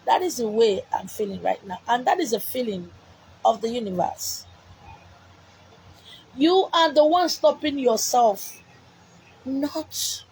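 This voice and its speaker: Woman, Nigerian accent, high voice, emphatic preaching, repetitive, scolding questions. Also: husky, rough recording. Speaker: spiritual messenger. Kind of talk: preached message to viewers.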